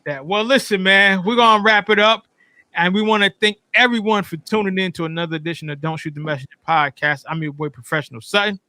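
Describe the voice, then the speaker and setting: A man's voice: high voice, quick pace, pushed and bright, dry recording. A man hosting a podcast in casual chat, introducing segments and wrapping up in an upbeat, announcer-like way. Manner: upbeat, announcer-like wrap-ups. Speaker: podcast host.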